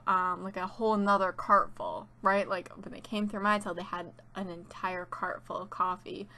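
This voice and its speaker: A woman's voice: mid-range voice, pushed and bright. A young woman chatting casually and rambling about her week, with many fillers and laughs. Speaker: gaming YouTuber. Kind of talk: casual chat while playing.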